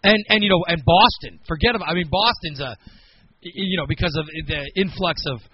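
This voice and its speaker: A man's voice: sits high, brisk. A man in his forties with a Midwestern American accent, hosting a casual radio chat and rambling through his opinions. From Chicago, United States. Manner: rambling, opinionated, talks through thoughts aloud. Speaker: radio show host. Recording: dull lo-fi radio recording.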